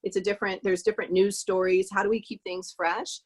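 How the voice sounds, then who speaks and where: A woman's voice: mid-range voice, flat delivery. Woman guest, affirming, encouraging, casual conversation. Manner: warm, affirming, quick to praise.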